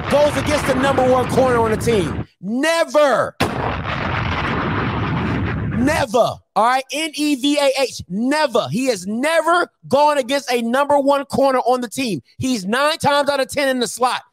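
High-voiced man arguing football heatedly. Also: lively intonation, moderate pace. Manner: argumentative, insistent, repeats points. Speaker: sports talk show panelist. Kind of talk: heated sports debate.

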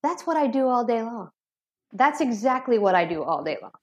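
A woman's voice: fairly high pitch, big pitch swings, normal speed, dull audio. Blunt woman telling frank anecdotes. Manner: blunt, brash, matter-of-fact. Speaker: addiction therapist guest. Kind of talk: candid storytelling in an interview.

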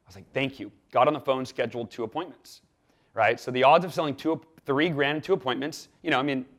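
A man guest on an interview show, telling a story in a lively way and acting out the quoted dialogue. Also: medium pitch, quick pace. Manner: animated, acts out quoted dialogue with lively swings in loudness. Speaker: podcast guest.

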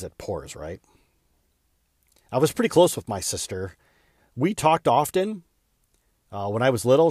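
A man's voice: mid-range voice, darkish tone, husky, dry recording, clean studio sound. A man hosting his own podcast, telling a personal story in an earnest, candid way with small stumbles and repeats. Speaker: podcast host.

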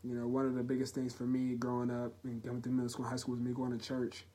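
Young man, podcast host, solo confessional talk, earnest, halting, emotional. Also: medium pitch, monotone, dark tone.

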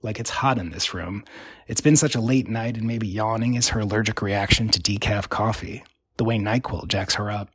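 A man narrating a literary story in a wry, rhythmic, deadpan way. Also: on the low side, moderate pace, slightly rough, no echo.

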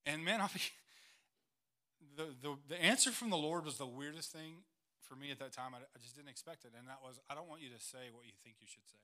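A man's voice: on the high side, brisk, sharp tone. A man, a church planter telling stories in a missions presentation, earnest and emotional, near tears at times.

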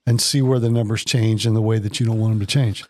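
A man co-hosting a podcast, speaking in a measured, even way about sales process. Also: on the low side, dry recording, studio quality. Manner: measured, lots of short agreements. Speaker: podcast co-host. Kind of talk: casual business chat.

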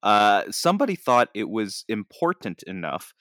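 A man on a podcast, telling an animated, rambling story in casual chat. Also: on the low side, moderate pace, no room sound, studio quality. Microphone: podcast microphone.

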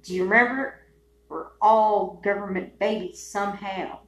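A woman hosting a solo podcast, ranting in a rambling, profane way, dropping to mutters and then bursting into shouts. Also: mid-range voice, fairly even intonation, measured pace. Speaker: podcast host. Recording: echoey room with faint hum.

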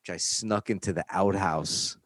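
A man's voice: deep voice, steady tone, moderate pace, fairly bright tone, husky, no echo. A man from New York telling a rambling, profane story in casual chat on a close studio mic.

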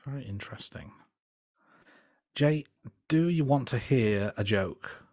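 A man co-hosting a casual film review podcast, relaxed and hesitant, with plenty of fillers and restarts. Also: medium pitch, takes it slowly, no echo, clean studio sound. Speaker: podcast co-host.

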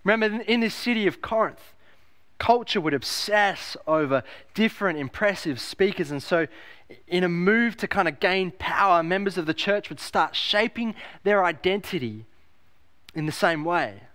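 A man's voice: high voice, lively intonation, normal speed, fairly bright tone. A man preaching a sermon as pastor, emphatic, repeating key phrases and asking rhetorical questions.

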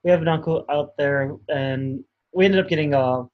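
A man's voice: a little high, moderate pace, dull audio. A man co-hosting a podcast, telling a story in a rambling, hesitant way with laughs. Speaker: podcast co-host. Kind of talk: casual storytelling chat.

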